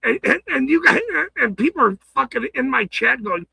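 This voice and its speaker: Furious high-pitched gravelly man ranting. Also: animated, normal speed, no echo, poor audio. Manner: profane, shouting, stammering. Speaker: livestreamer. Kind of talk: angry livestream rant.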